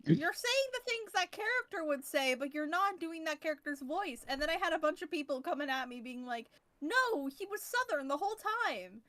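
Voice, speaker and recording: A woman with a high, light voice chats on a stream and tells her story in an animated, chatty way. Her talk is loose and casual. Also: fairly quick, few pauses. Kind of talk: casual chat while streaming.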